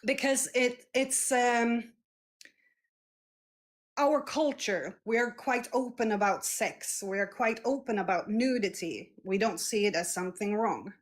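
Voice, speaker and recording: Young woman, slow and hesitant, casual street chat. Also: fairly high pitch. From Scandinavia. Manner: hesitant, searching for words, many fillers. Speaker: street interviewee. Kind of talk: casual conversation.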